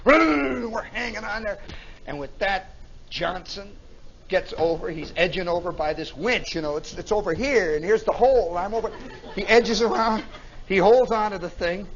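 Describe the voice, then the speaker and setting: A man telling a story live at a nightclub, animated, acting out sound effects and voices as a radio host, on a dull 1960s recording. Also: high-pitched, slight background noise.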